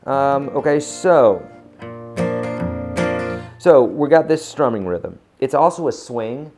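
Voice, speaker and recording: A man giving a casual acoustic guitar lesson, chatty and relaxed, counting beats aloud. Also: mid-range voice, slow pace. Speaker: guitar teacher. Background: acoustic guitar playing.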